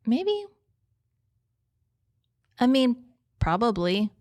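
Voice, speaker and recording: A woman's voice: fairly high pitch, sing-song, very slow, a little mellow, no echo. Bubbly, chatty woman guest. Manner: chatty, laughs often, bubbly. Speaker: guest, business owner. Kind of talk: casual interview chat. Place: studio.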